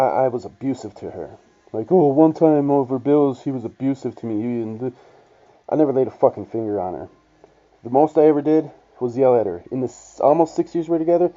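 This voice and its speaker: A man's voice: mid-range voice, dark tone. A young man telling a personal story in a blunt, profane, rambling way, with many restarts. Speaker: vlogger. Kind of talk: casual storytelling monologue. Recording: dull lo-fi sound.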